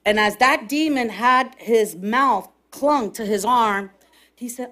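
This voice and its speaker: A woman pastor preaching a sermon to her congregation, impassioned and building to shouted, repeated refrains. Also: a little high, takes it slowly. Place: church service with responding congregation.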